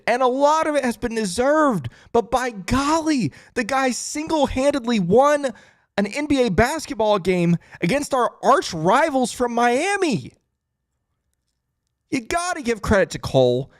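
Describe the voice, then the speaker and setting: A man hosting a live postgame fan podcast, stunned and excitable, his voice swinging between high and low. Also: no echo, clean studio sound. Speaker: podcast host.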